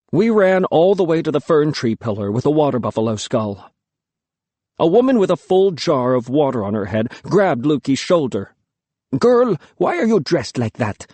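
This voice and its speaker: Unhurried, expressive male storyteller. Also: mid-range voice, dry recording. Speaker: audiobook narrator. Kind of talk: scripted audiobook narration.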